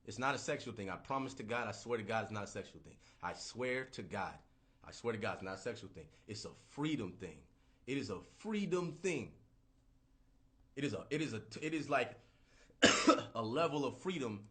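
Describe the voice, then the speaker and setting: A man hosting a livestream, ranting in a casual, profane, animated way and repeating himself. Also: mid-range voice, normal speed. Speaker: livestream host.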